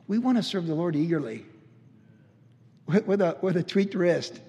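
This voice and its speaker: A man pastor giving a conversational, animated sermon, telling stories with frequent restarts. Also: sits high, normal speed, gravelly. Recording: long reverb of a church hall.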